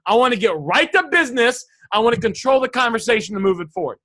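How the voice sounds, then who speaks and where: A man coaching viewers live on sales talk, energetic and emphatic, asking them questions directly. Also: extremely high pitch, fast talker. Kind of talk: live online sales lesson.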